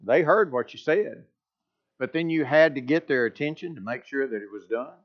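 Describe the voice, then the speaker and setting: A man's voice: animated, moderate pace. A man preaching a sermon, leaning hard on key points and pushing his voice up to stress them. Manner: emphatic, with pitch rising on key points. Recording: dull lo-fi recording.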